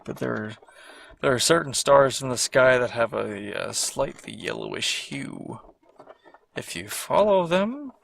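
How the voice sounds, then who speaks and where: A man casually commenting on his own animated series, rambling, swearing and poking fun at himself. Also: medium pitch, creaky, a little hiss or hum. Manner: rambling, profane, self-mocking. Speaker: creator of an animated web series.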